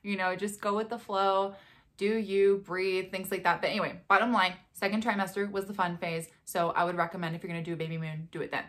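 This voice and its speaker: A young woman vlogging in a casual, chatty way, animated and often laughing as she acts out quotes. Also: mid-range voice, brisk. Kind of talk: casual chat to camera.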